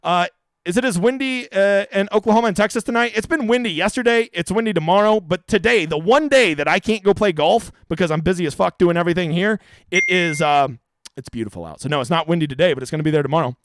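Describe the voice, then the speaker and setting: A man's voice: high voice, fast talker, no echo. A young man hosting a live stream, answering chat questions with brash, jokey, crude banter. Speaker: fantasy golf streamer.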